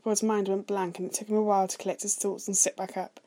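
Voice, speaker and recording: Woman reader, steady soft narration, mid pitch, reading aloud. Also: quick pace. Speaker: story reader. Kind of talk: read-aloud fan fiction narration.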